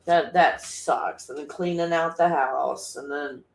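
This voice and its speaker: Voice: mid-range voice, fairly even intonation, unhurried, creaky. Fired-up profane live-stream host, echoey room. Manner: blunt, profane, laughing and fired up. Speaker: livestream host. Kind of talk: casual live-stream chat. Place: home room with a dog nearby.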